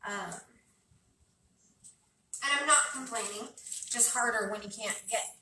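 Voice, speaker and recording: A woman's voice: fairly high pitch, measured pace. A woman chatting to the camera while she cooks at home and coaches her child through a recipe. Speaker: vlogger cooking at home with her kids. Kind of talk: casual cooking vlog chat. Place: home kitchen. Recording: echoey kitchen, distant camera, background noise.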